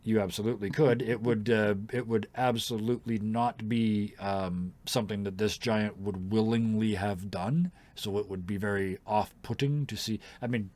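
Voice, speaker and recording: A man narrating as game master, relaxed and rambling, with fillers and laughter. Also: fairly low pitch, normal speed, hardly any pauses.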